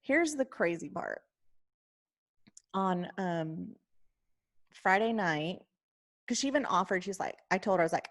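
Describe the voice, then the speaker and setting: A woman podcast co-host in casual chat, telling a story in an animated way and often quoting herself and others. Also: mid-range voice, normal speed, pauses often.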